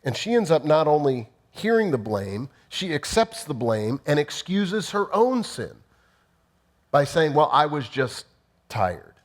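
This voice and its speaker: A man's voice: a little high, sing-song, a little slow. A male pastor delivering a conversational sermon, emphatic and full of rhetorical questions.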